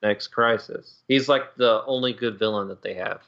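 Opinionated male co-host, bright lo-fi sound. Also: lowish voice. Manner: quick, laughs often, opinionated. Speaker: podcast co-host. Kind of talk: casual chat. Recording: slightly dull, lo-fi sound.

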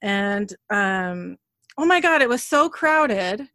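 A woman's voice: medium pitch, animated, slow pace, sharp tone, no echo. Chatty woman podcast co-host, dry sound. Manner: chatty storytelling, trails off in restarts. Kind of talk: casual chat.

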